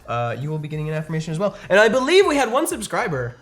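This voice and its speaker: A man's voice: fairly high pitch, wildly swooping pitch. A man hosting a gaming stream in casual chat, playful and joking. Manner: playful, joking, quick to laugh.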